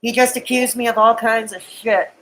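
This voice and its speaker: Woman, live streamer, crying, raw and defensive, higher-pitched voice. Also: steady tone, normal speed, a bit bright, rough recording. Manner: raw, emotional and defensive, talking to viewers in chat. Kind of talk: tearful live-stream monologue.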